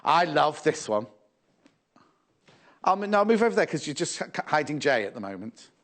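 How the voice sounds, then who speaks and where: Chatty, lively male shopping presenter. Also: fairly high pitch, normal speed. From England. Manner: chatty, fussing aloud, reading out viewer messages. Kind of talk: live sewing shopping TV chat. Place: TV studio.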